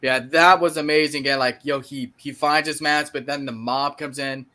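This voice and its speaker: A man's voice: a little high, steady tone, normal speed, sharp tone. A man talking about a film in casual chat, enthusiastic and slangy. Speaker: film reviewer. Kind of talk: casual movie review chat.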